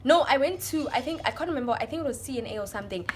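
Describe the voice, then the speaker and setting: A young woman with a South African accent tells a storytime vlog to her viewers in an emotional, animated way. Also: sits high, rapid-fire, noisy background. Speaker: vlogger.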